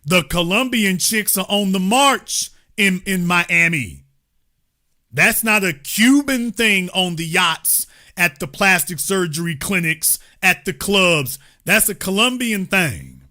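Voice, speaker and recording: Male commentary host, high and very bright voice, emphatic and repetitive delivery. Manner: emphatic, repeats key points, lectures the audience directly. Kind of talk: political commentary monologue.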